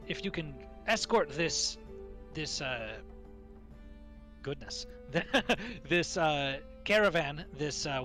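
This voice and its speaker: A man voicing an excitable dwarf who hires adventurers, stammering and calling everyone lad. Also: fairly high pitch. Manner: stammering, calls everyone lad, old-fashioned phrasing. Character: excitable male dwarf quest-giver, hushed and eager.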